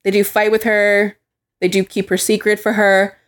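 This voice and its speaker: A woman's voice: mid-range voice, flat delivery, normal speed. A young woman co-hosting a casual podcast chat, heated and swearing freely as she acts out quotes. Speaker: podcast co-host.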